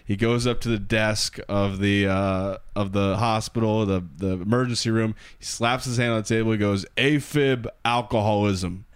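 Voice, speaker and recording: A man co-hosting a casual comedic chat, telling stories loosely and laughing often, with squeaky impressions. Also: steady tone, normal speed, few pauses, smooth. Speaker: co-host.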